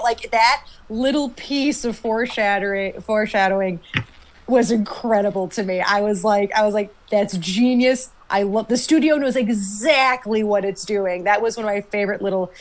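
A woman co-hosting a podcast in casual chat, excitable, laughing often and acting out quotes. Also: medium pitch, moderate pace. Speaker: podcast co-host.

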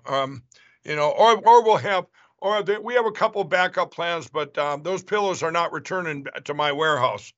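A man's voice: fairly high pitch, moderate pace, fairly bright tone. A man hosting a show, telling a long story in a casual, rambling way with many restarts and asides. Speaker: show host. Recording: dull lo-fi sound.

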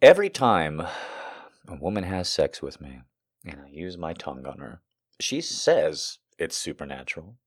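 A young man hosts a comedy podcast, rambling through crude jokes and self-mockery. His pitch swings widely as he talks. The talk is loose and casual. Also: sing-song, normal speed. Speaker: podcast host.

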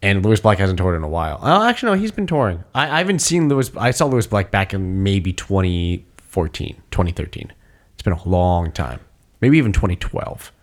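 Lively low-voiced man chatting casually. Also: brisk. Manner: animated storyteller, acts out quotes. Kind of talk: casual chat.

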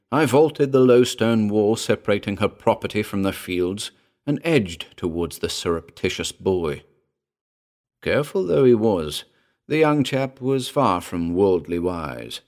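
A man narrating a scripted spooky tale in a measured, wry, theatrical way. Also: fairly low pitch.

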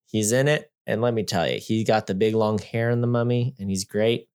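A man co-hosting a casual movie review podcast, jokey and animated, often laughing and dropping to low mutters. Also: fairly quick, smooth. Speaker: podcast co-host.

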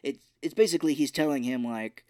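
A man talks casually on a movie podcast at an ordinary middle pitch. He retells film scenes by acting out the characters' lines. The room sound is dry and close. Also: brisk, a little mellow, no room sound. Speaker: podcast co-host.

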